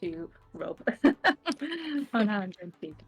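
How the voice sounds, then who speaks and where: Animated woman narrating her character's actions. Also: medium pitch, extremely slow, breathy edge, faint music behind. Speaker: player. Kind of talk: tabletop role-play, describing actions.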